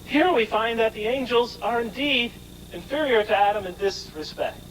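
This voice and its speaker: A man with a high-pitched voice delivers a scripture lecture. He explains each point with emphasis and keeps posing rhetorical questions. A faint hiss of noise sits under his voice. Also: lively intonation, moderate pace, fairly bright tone, poor audio.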